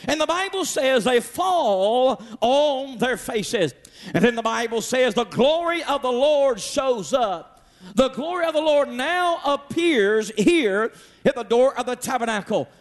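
A man preaching a Sunday sermon, emphatic, rising to shouts and calling out to his congregation. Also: very high-pitched, expressive, measured pace. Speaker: pastor.

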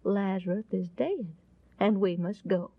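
A woman voicing Jesus, speaking in a calm, reassuring and authoritative way. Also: medium pitch, measured pace, no echo. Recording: dull lo-fi recording.

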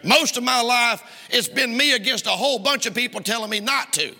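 A man with a Southern US accent preaching a sermon in a church, emphatic and pressing his points, sometimes rising to a shout. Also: very high-pitched, fairly quick. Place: church sanctuary. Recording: long hall reverb.

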